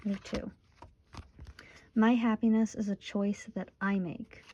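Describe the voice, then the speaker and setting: A woman's voice: medium pitch, level tone, a little slow, mellow, muffled recording, a little hiss or hum. A woman in her twenties from Michigan, chatting casually through a tarot reading, tired and yawning. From Michigan, USA. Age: 20s. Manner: chatty, giggly, often breaks into laughter. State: sleepy, yawning. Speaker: tarot reader.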